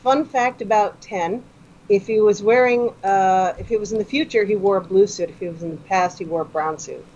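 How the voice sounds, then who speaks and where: A woman's voice: mid-range voice, darkish tone. Enthusiastic woman on a lo-fi podcast. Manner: enthusiastic, quick to explain fan trivia. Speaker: guest comedian. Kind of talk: casual podcast chat. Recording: dull lo-fi sound with faint noise.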